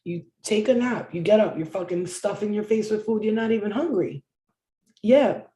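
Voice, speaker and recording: A woman's voice: mid-range voice, moderate pace, dark tone, roomy sound. A woman giving a casual live-stream tarot reading, blunt and profane, often chanting phrases over and over. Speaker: tarot reader.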